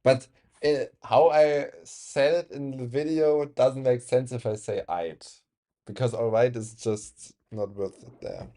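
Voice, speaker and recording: A man's voice: mid-range voice, slow pace, dark tone. A young man with a German accent, a non-native speaker, chatting casually on a live game stream, reading chat aloud and laughing often.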